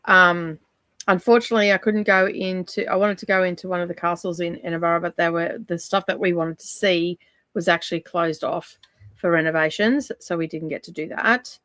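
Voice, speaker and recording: A woman's voice: lowish voice, fairly even intonation, fairly quick, a bit bright, no room sound, studio quality. A middle-aged woman from Australia hosting a casual crafting live stream, chatting in a rambling way with many ums. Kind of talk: casual chat while crafting. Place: home craft room.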